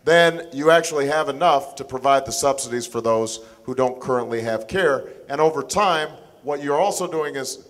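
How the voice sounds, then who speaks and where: A man in his forties giving a town hall speech, measured and deliberate, pausing and restarting as he builds each point. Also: mid-range voice. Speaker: political candidate.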